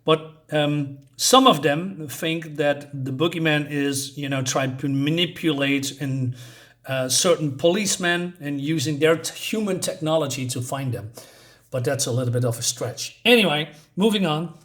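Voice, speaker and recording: A man's voice: on the high side, normal speed, a bit bright. A man chatting casually through a comic book review, hesitant, with many fillers and restarts.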